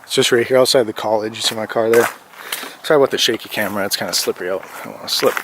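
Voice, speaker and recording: A man's voice: lowish voice, rapid-fire. Breathless young man on a snowy trail. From Minnesota. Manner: rambling, filler-heavy talk with many 'like's. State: out of breath in the cold. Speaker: vlogger. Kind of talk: casual vlog walking outdoors. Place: outdoors in deep snow by a river. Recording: wind and handling noise on a phone mic.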